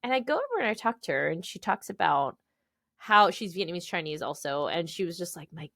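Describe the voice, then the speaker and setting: A woman in her thirties from the United States, an author telling stories as a guest on a podcast interview in an animated, expressive way. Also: fairly low pitch, brisk, creaky, no room sound, studio quality.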